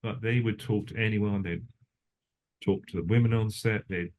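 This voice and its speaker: Older guy, lowish voice, rambly interview chat, keeps restarting his sentences. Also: steady tone, normal speed, phone-quality sound. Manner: rambling, self-interrupting storyteller; frequent restarts and asides. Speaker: cinematographer. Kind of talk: casual interview.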